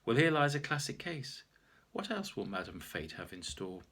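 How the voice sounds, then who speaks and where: A man's voice: mid-range voice, big pitch swings, normal speed, fairly bright tone. Wry man reading his own story. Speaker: author reading his memoir.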